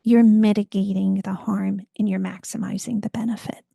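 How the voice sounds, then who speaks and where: A woman guest expert in an interview, explaining health science in an informative, measured way. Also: mid-range voice, little pitch movement, vocal fry, dark tone, dry recording.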